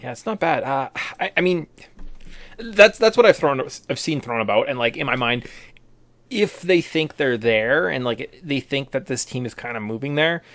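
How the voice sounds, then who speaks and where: A man's voice: medium pitch, animated, normal speed, a bit bright. A man co-hosting a casual sports podcast, rambling through his points with frequent restarts. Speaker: podcast co-host.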